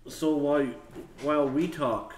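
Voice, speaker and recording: A man's voice: a little high, a little slow, echoey room, noisy background. Storytelling man. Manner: animated, acts out voices and laughs while telling. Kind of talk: casual storytelling.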